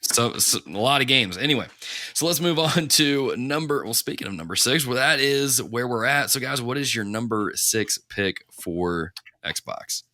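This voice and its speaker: Upbeat male podcast host, bright tone. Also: mid-range voice, expressive, moderate pace, no room sound, studio quality. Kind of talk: casual chat.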